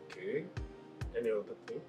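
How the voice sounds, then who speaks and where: Nigerian widower suitor, mellow, persuasive, expressive pitch. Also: male voice, a little fast, faint music behind. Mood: tender. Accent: Nigerian English. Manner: smooth, persuasive, calm. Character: smooth-talking male widower wooing a woman. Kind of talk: film drama acting.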